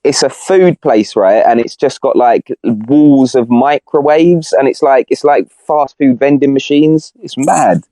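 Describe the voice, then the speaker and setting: A man's voice: medium pitch, a little slow, hardly any pauses, dark tone, no room sound. A young man on a podcast, chatting casually in rambling slang with lots of restarts. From Britain. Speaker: podcast co-host. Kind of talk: casual chat.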